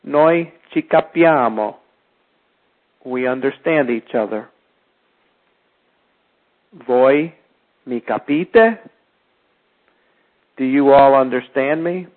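A man teaching a spoken language lesson, repeating each example phrase slowly and now and then correcting himself. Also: medium pitch, expressive. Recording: tinny phone-like audio.

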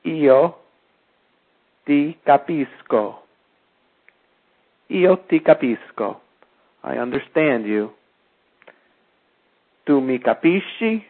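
A man teaching a spoken language lesson, repeating each example phrase slowly and now and then correcting himself. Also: medium pitch, expressive. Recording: tinny phone-like audio.

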